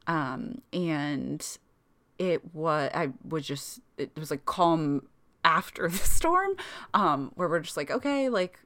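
A woman's voice: low-pitched, lively intonation, takes it slowly, fairly bright tone. A young woman casually telling her own birth story, chatty and emotional, full of fillers.

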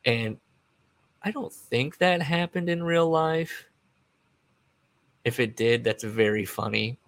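A man's voice: medium pitch, measured pace, pauses often, no room sound. A man hosting a casual solo podcast, rambling from one aside to the next and chuckling at his own remarks. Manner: rambling and digressive, trails off and restarts. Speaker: podcast host.

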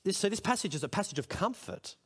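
A middle-aged man gives a sermon at a school chapel service, his voice pitched high. He talks in a conversational way and grows emphatic as he puts questions to the room. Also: lively intonation, fast talker, fairly bright tone, breathy edge. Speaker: preacher.

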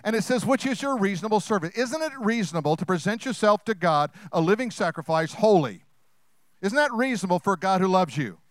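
A man preaching with a high, smooth, resonant voice. He talks in a lively, conversational way and slips into acted-out voices. The sound is close and dry. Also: fairly quick, no echo. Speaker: pastor. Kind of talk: sermon.

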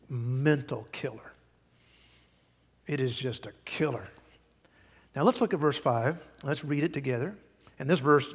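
A pastor preaches a sermon in a church sanctuary, folksy and emphatic, at times imitating people to drive his point home. His mid-range voice is slightly rough, and the room leaves a long reverb tail.

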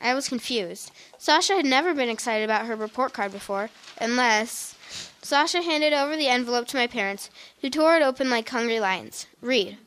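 A woman reading a first-person story aloud in a plain, steady way. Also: fairly high pitch, brisk.

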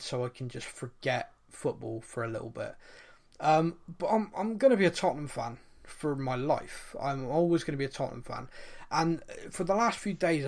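A man's voice: medium pitch, vocal fry. A man co-hosting a podcast in casual chat, rambling and laughing at himself. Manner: rambling, laughing, self-deprecating. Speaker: podcast co-host.

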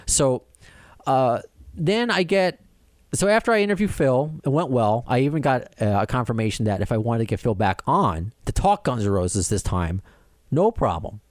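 A man's voice: mid-range voice, moderate pace, dry recording, studio quality. A middle-aged man, a podcast host, telling a rambling story in casual chat, full of restarts and acted-out quotes. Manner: animated, rambling with many restarts and quoted dialogue.

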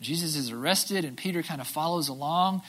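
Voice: mid-range voice, fairly quick, fairly bright tone. A preacher retelling a story casually in a sermon, acting out quotes and often asking "right?".

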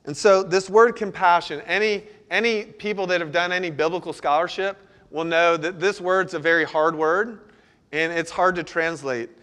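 Male pastor, slightly high voice, earnest sermon delivery with pleading prayer lines. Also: fairly even intonation, moderate pace, a bit bright.

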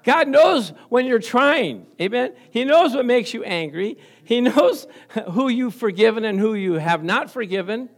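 A man's voice: extremely high pitch, lively intonation, unhurried. A man preaching a sermon as pastor, telling everyday stories, laughing often and calling out to the congregation for amens. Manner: storytelling with call-and-response, laughing often.

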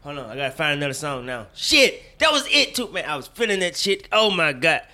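A young man hosting a casual podcast, talking with animated, profane, loud mock outrage. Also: a little high, brisk. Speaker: podcast host. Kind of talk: casual chat.

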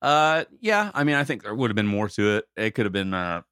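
A man's voice: fairly low pitch, very animated, normal speed, a bit bright, clear, resonant tone, no echo, studio quality. A man co-hosting a casual podcast, recapping a cartoon episode in a rambling way with lots of fillers. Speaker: podcast co-host.

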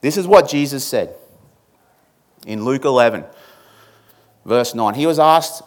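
A man's voice: mid-range voice, lively intonation, unhurried. A man preaching a sermon, stressing his points with repetition and rhetorical questions. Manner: emphatic, repeats key words, rhetorical questions. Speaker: pastor.

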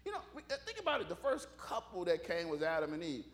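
A man delivers a casual, funny sermon, animated and conversational as he jokes with the congregation. His voice sits high and he talks at a quick pace.

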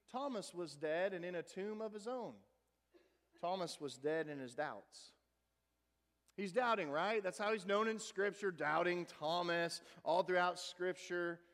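A male pastor preaching a sermon in a conversational, folksy way, swinging between emphatic and hushed delivery. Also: on the high side. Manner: conversational, with folksy asides and repeated words. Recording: long hall reverb.

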